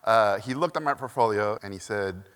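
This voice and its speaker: Bright-voiced man giving a keynote. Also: lowish voice, moderate pace, smooth. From Mexico. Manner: animated, many "uh" fillers, acts out quotes. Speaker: keynote speaker. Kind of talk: conference keynote storytelling. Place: large conference hall. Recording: echoey hall from a stage mic.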